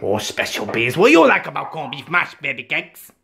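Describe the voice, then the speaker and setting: Boisterous dad hosting a kitchen show. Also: male voice, on the high side, wildly swooping pitch, normal speed, vocal fry, a crowd in the background. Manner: boisterous, bursts into exaggerated shouted catchphrases. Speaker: home cooking show host and dad. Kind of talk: playful home cooking video with his kids. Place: home kitchen, indoors.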